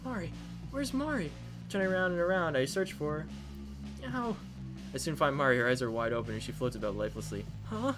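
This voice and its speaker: A man narrating a visual novel aloud, dramatic yet breaking off for jokes. His pitch moves in lively swings. Faint game music plays behind him. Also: a little fast. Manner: dramatic reading with joking asides.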